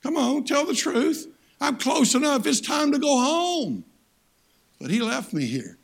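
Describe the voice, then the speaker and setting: An older man preaching in a fairly high, gravelly voice. He drives his points home by repeating phrases and calling out to the congregation for a response. His delivery is emphatic and earnest. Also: sing-song, unhurried. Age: 60s. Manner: emphatic, repeats phrases for stress, calls on the audience. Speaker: guest preacher. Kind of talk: sermon.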